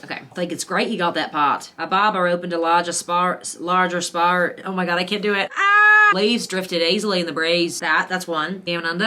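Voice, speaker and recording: A woman's voice: medium pitch, pushed and bright, slight background noise. A young adult woman actor chatting casually to camera, bubbly and enthusiastic. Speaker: actor and vlogger.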